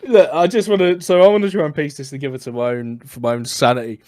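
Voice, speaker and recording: A man's voice: on the high side, fairly even intonation, quick pace, a little mellow, no room sound, clean studio sound. A young man co-hosting a podcast, joking and retelling a story in casual chat. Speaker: podcast co-host.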